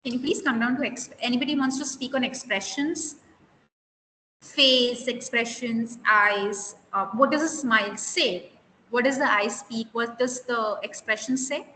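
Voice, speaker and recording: This soft skills interview trainer's voice sits on the high side, with a sharp tone and a slightly slow pace. During her live online lecture she stresses key words and tests her students with questions. The recording has long reverb, an echoey room, and faint hiss.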